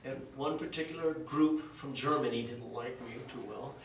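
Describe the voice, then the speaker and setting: A man with a mid-range voice and moderate pace shares stories at a memorial service in a dojo hall, laughing softly and performing the lines he quotes. It's picked up from far off, with roomy echo and a faint hiss.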